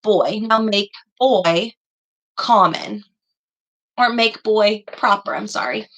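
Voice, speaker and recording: A woman's voice: mid-range voice, takes it slowly, fairly bright tone, rough recording. A woman teaching young children in an online class over a video call, patient and encouraging, praising her students by name. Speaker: elementary school teacher.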